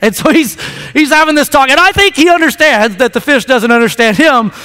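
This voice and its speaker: A man's voice: extremely high pitch, fairly quick, bright, forceful tone. A man in his thirties, a pastor preaching a chatty, playful sermon to his congregation. He often repeats words as he starts a sentence. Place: church sanctuary. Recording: long hall reverb.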